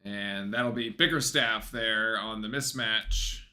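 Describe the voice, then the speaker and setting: A man at home giving casual, excitable live play-by-play commentary on a basketball game for his stream. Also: lowish voice, slow pace. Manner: chatty, excitable, breaks off to talk softly to his dog.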